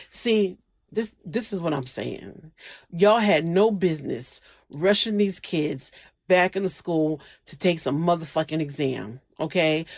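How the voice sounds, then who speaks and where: Woman host, casual profane showbiz commentary, low-pitched, very dry close mic. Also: darkish tone, no room sound. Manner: blunt, profane, laughing asides. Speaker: entertainment news host. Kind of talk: casual celebrity gossip commentary.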